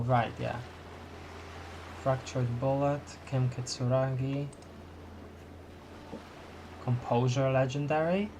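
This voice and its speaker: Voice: mid-range voice, a little mellow, a little hiss or hum. Chatty streamer playing a detective game. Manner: chatty, laughs often, reads game text aloud. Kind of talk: casual let's-play commentary.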